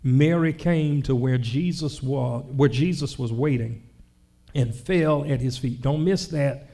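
A male pastor preaching a sermon, reading scripture slowly and dramatically with comic asides. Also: medium pitch, dark tone.

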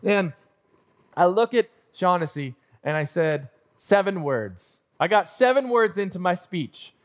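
A high-voiced young man preaching to his church, spinning a self-deprecating story with lively, acted-out moments. He plays up his own nerves for laughs. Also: a little slow. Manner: self-deprecating, animated storyteller acting out scenes. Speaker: pastor. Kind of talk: sermon storytelling. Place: church auditorium.

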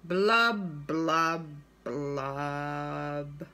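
A woman voicing a gloomy, sulky male fish in a children's storybook read-aloud, chanting his refrain and dropping low on the blubs. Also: sharp tone, heavily acted. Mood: sing-song. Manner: sing-song refrain, low drawn-out blubs.

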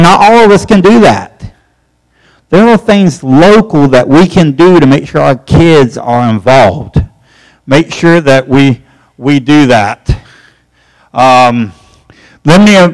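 A man leads a church Bible class in a folksy, conversational way. His voice sits a little higher than most men's. He climbs even higher and gets insistent when he drives a point home. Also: rough recording. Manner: folksy, emphatic, rising pitch when pressing a point. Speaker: Bible study teacher.

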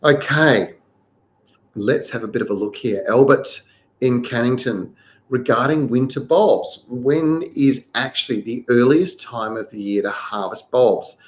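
A man's voice: medium pitch, a little slow. A middle-aged man, hosting a live gardening show. He reads viewers' questions aloud and then gives practical advice.

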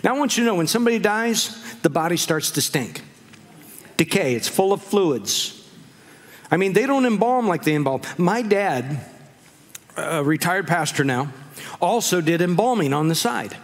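A middle-aged male pastor preaching a sermon in a church, animated, acting out quoted voices and laughing often. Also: high voice, normal speed, long reverb tail.

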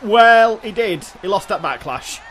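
A man's voice: high-pitched, expressive, unhurried, fairly bright tone, a little hiss or hum. A man co-hosting a wrestling video game, teasing his partner and calling the action in a mock announcer style. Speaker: gaming co-host. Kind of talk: playful wrestling-game commentary.

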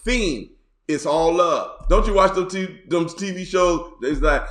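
Hoarse joking preacher man, echoey room. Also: a little high. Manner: playful, joking, drawn-out repeats and sudden loud bursts. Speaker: bishop and pastor. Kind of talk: casual online sermon.

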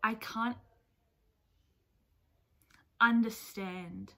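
A woman book vlogger talking casually to camera in a reaction video, expressive and chatty, swearing freely. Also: on the high side, drawn-out words, creaky. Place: at home with her dog nearby.

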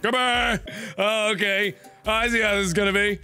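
A man giving goofy, excitable gameplay commentary with frequent exclamations and swearing. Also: high voice, normal speed, faint music behind.

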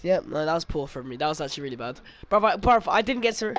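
A man's voice: fairly high pitch, quick pace, a little hiss or hum. A young man commentating his game casually, swearing and laughing with friends. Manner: excitable, swears, bursts into laughter. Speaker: gaming YouTuber.

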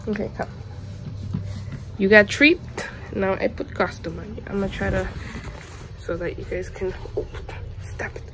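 A woman vlogging at home, chatting casually to the camera and switching to high coaxing baby talk with her dog. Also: fairly even intonation, normal speed, background noise.

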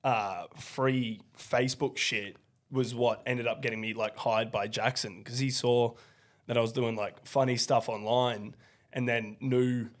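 A hoarse young man in his twenties with a raspy voice, chatting loosely as a podcast guest, full of fillers. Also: mid-range voice, fairly even intonation, measured pace. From Australia. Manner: loose, rambling, many fillers. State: hoarse from partying. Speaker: guest comedian. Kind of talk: casual podcast chat. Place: rented co-working room, not soundproof.

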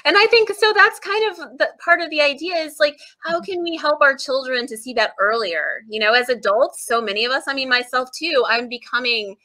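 Over poor audio, this woman speaks in a high voice, fairly quickly and with few pauses. She's an author in her forties guesting on a podcast, telling lively stories, laughing easily, and acting out the voices she quotes.

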